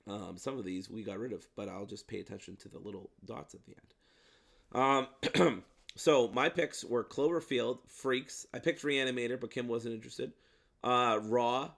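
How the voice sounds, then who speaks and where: A man's voice: fairly low pitch, creaky. A man co-hosting a casual movie review chat, rambling with lots of ums and some playful swearing. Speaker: podcast co-host.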